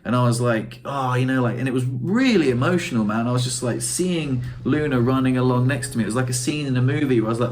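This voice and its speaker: A man's voice: mid-range voice, fast talker, few pauses. A man vlogging to camera in a casual, rambling way, emotional and swearing freely.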